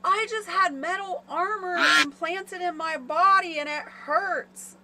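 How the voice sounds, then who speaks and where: A woman putting on the voice of a man shouting in his sleep about being in pain, high and pleading. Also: measured pace, a little hiss or hum, heavily acted.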